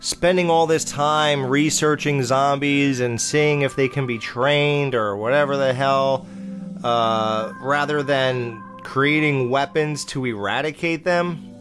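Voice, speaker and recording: A man's voice: mid-range voice, takes it slowly, a bit bright, soft background music. A man in a casual horror-film review monologue, blunt and profane, exclaiming and mocking the characters. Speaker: podcast host reviewing horror films.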